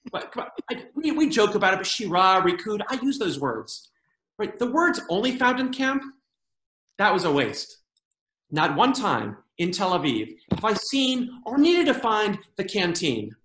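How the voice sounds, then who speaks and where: A man performing a stand-up comedy routine, with lively delivery and funny voices for quoted people. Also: high-pitched, a little slow. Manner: animated joke-telling with funny put-on quoted voices. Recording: roomy echo.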